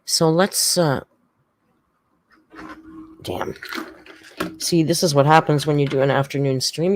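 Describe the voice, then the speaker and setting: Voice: mid-range voice, slow, pauses often, a little mellow. A livestream host in casual reaction chat, rambling and chatty, reading out viewer comments.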